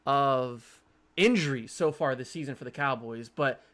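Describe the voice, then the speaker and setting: A man hosting a casual sports podcast, talking in animated, quick bursts with frequent restarts. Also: medium pitch. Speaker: podcast host.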